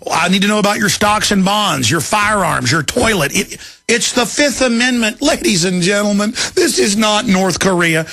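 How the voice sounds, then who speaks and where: A man, hosting a talk radio show in an angry, emphatic rant that climbs into shouting. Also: sits high, lively intonation, moderate pace, dry recording, clean studio sound. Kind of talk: ranting talk radio monologue.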